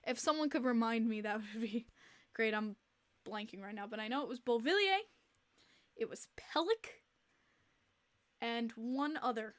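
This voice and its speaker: A young woman hosts a casual podcast livestream in a high, bright-pitched voice. She talks in an animated, exasperated way, repeating her points with plenty of fillers. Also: measured pace, pauses often. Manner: chatty, with many fillers. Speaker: podcast host.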